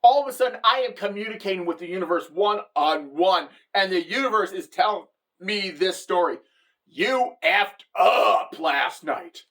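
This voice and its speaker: Animated middle-aged woman telling a story. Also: mid-range voice. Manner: animated, conversational, with frequent "all right?" asides to the viewer. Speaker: comedic storyteller. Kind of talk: comedic personal storytelling.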